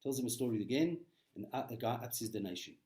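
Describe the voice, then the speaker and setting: A man giving a weekly Torah talk as a rabbi, preaching with animated storytelling and emphatic repetition. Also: mid-range voice, fast talker, echoey room.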